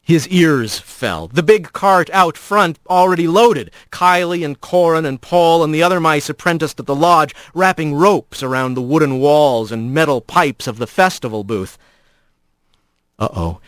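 A man narrating an audiobook in an expressive, animated storytelling manner. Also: on the high side, measured pace, dry recording.

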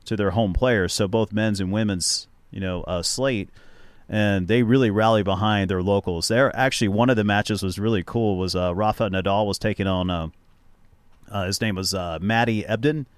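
Chatty, low-voiced man telling travel stories. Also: moderate pace, dry recording. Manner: chatty, rambling storyteller. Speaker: guest and sports show host. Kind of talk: casual chat. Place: radio studio.

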